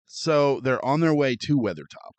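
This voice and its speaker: A man's voice: medium pitch, animated, moderate pace, no echo. A man co-hosting a casual film review podcast, sardonic and exasperated, swearing freely. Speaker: podcast co-host.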